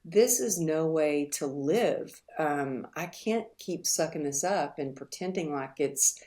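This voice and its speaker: Middle-aged woman, low voice, earnest guest telling her life story on a podcast. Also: animated, dark tone. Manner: earnest, reflective, halting at times. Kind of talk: candid interview storytelling.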